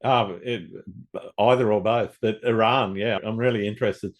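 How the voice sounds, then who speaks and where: A man hosting a podcast interview, asking his guest questions at an easy, relaxed pace. His voice sits very low. He drops short affirmations while the guest talks. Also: normal speed. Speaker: podcast host. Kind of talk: casual interview.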